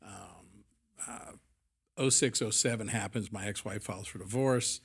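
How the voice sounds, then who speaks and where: A man's voice: on the low side, a little slow, vocal fry, husky. A man in his forties, a podcast guest and business owner, telling his story candidly in a rambling, blunt and profane way, full of fillers.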